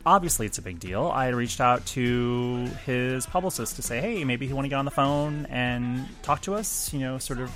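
A man co-hosting a music podcast, talking through chart news in a chatty, self-deprecating way with quick asides. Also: medium pitch, fairly bright tone. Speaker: podcast co-host, chart reporter. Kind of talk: casual chart chat.

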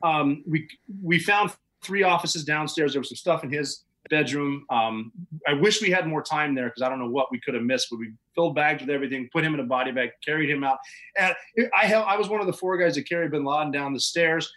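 A man's voice: on the high side, brisk, bright, forceful tone, poor audio. A man, a podcast guest, recounting events in casual, vivid, matter-of-fact storytelling with occasional chuckles.

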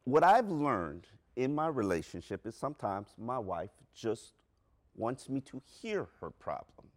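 A man's voice: mid-range voice, sing-song, unhurried. A middle-aged man co-hosting a podcast in casual chat, thoughtful and a little hesitant, asking questions. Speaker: podcast co-host.

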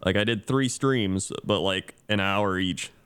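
Laid-back low-voiced man. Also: unhurried, fairly bright tone, clear, resonant tone. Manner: laid-back, brief reactions. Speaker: podcast co-host. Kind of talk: casual podcast chat.

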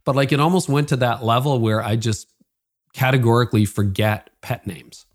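A man's voice: medium pitch, normal speed. A middle-aged man hosting a podcast, chatting casually and telling self-deprecating stories. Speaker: podcast host. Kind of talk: casual interview chat.

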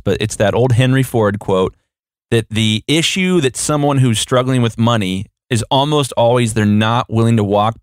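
A man's voice: mid-range voice, clean tone, no room sound. A man co-hosting a podcast, talking casually and with a joking streak, sometimes slipping into playful mock voices. His voice sits in a middle register and comes across close and dry, with no room sound at all. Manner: jokey, acts out little voices. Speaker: podcast co-host.

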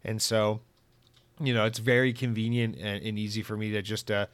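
A man's voice: lowish voice, little pitch movement, moderate pace, no room sound. Profane, rambling man on a podcast. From Central Florida. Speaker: podcast host. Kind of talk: casual chat.

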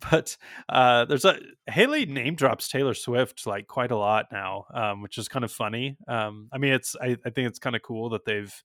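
A man's voice: medium pitch, normal speed, fairly bright tone, no echo. Man, podcast host, casual chat, rambling with ums, dry close mic. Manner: rambling, lots of ums and restarts.

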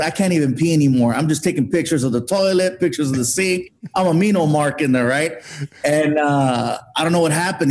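Guy telling a wild funny story, voice a bit on the high side, really acting it out. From Mexican heritage. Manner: animated storyteller acting out quotes. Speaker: guest comedian. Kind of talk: storytelling on a podcast.

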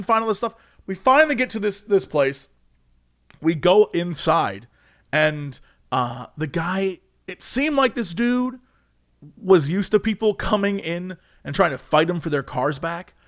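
Young man, high voice, lively storyteller, laughs through his own mishaps. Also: normal speed. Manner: animated, laughs often, acts out quotes. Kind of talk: casual anecdote.

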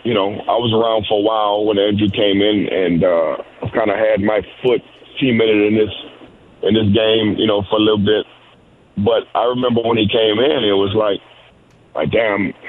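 A man's voice: fairly low pitch, slight background noise. A man, a coach and guest, answering interview questions casually with lots of "you know" and repeated words. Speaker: wide receivers coach, guest. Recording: tinny phone-like line.

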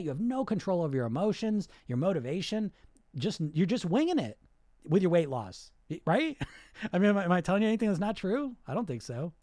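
A man's voice: high voice, darkish tone, no echo, clean studio sound. A man coaching on weight loss in a live podcast monologue, blunt and profane, acting out the inner voices he talks about.

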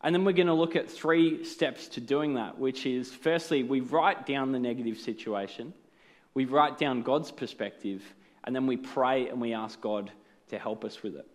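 A man's voice: mid-range voice, normal speed. A man preaching a sermon in an earnest, explanatory way, often asking rhetorical questions.

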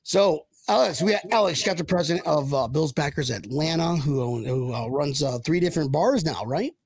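A man hosting a live podcast stream, energetic and jokey, rambling through his questions and shout-outs. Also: a little high, normal speed, slightly rough, dry recording. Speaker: podcast host.

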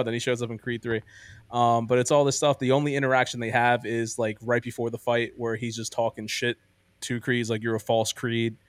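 Rambling, excited man in dry sound. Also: medium pitch, no room sound. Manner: enthusiastic, rambling, heavy use of "like" and "um". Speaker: podcast host. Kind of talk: casual movie-ranking chat.

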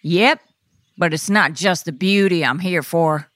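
A woman's voice: lowish voice, measured pace, a bit bright, dry recording. A woman playing an ornithologist guest, explaining facts in a friendly way on a kids' science show. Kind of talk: scripted educational dialogue.

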